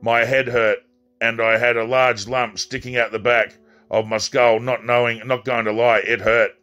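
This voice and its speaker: A man's voice: medium pitch, level tone, normal speed, sharp tone, clear, resonant tone, highs cut off, soft background music. A man reading his own first-person story aloud, plainly, with occasional slips and restarts.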